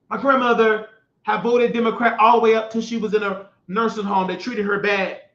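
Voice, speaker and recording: Heated man ranting in an echoey room. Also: high-pitched. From United States. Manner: heated, shouting at times, rambling with restarts. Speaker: show host. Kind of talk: impassioned political monologue. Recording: echoey room, dull lo-fi sound.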